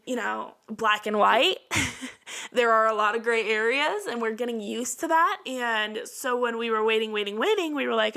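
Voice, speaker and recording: A woman's voice: on the high side, vocal fry, a bit bright. A young woman in her twenties hosting a personal podcast, talking candidly and emotionally in a chatty way with lots of fillers. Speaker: podcast host. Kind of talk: casual personal podcast monologue.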